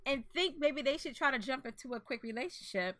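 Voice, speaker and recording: A woman's voice: high voice, expressive, a little fast, fairly bright tone. A woman co-hosting a casual chat, emphatic and laughing often. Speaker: podcast co-host.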